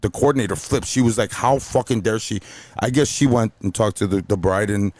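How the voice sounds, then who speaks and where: A man from Chicago telling a story on a podcast in an animated, profane way, full of "bro" and "you know". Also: on the low side, fast, no echo. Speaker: DJ guest.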